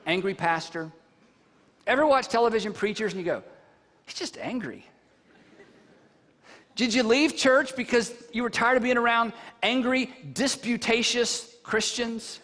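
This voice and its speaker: A man preaching a sermon, telling the story with animated, conversational flair and putting rhetorical questions to his listeners. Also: extremely high pitch, normal speed. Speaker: pastor. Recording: long reverb from a large hall.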